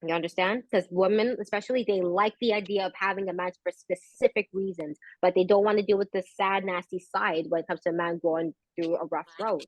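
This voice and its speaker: A woman's voice: medium pitch, fairly even intonation, fairly quick, hardly any pauses, no echo. A woman co-hosting a casual podcast chat, telling a story bluntly and swearing freely. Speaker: podcast co-host.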